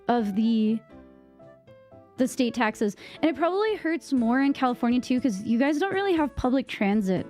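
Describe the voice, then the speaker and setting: A young woman from Massachusetts with a Boston accent, chatting casually with her stream viewers, rambling with lots of fillers, on a boom-arm mic at home. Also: warm tone. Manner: rambling, many fillers and restarts. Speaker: live streamer. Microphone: microphone on a boom arm.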